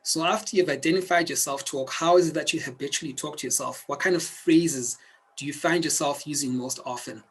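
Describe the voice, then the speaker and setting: A man teaches a self-help video lesson, speaking earnestly and directly to the viewer like a coach. His voice is fairly high and slightly rough, his pace brisk, and the audio is poor.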